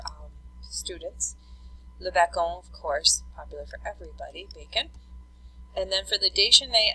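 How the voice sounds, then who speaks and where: A woman teaching a classroom vocabulary lesson, explaining each term and repeating it slowly for note-taking. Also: fairly low pitch, bright, forceful tone, slightly rough, rough recording. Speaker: French teacher.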